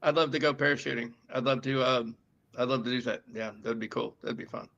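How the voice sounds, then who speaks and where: A man's voice: mid-range voice, steady tone, a little fast, vocal fry, a bit bright. A man with a New York accent, co-hosting a casual podcast chat, rambling with many fillers and restarts. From northeastern United States. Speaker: podcast producer and co-host. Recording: dull lo-fi sound.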